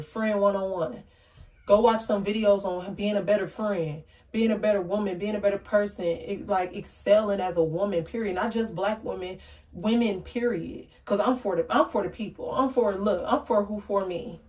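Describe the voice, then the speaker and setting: A woman's voice: mid-range voice, darkish tone. Blunt young woman vlogging from a distance. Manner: blunt, candid, heartfelt ranting. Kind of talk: casual talk to camera. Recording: voice a bit distant from the mic.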